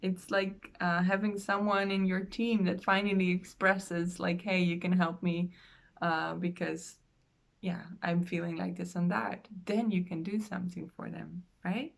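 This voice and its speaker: Slow, earnest woman coach. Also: on the low side, level tone, creaky. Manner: earnest, gentle, slow with pauses. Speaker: soul coach. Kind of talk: slow heartfelt online talk.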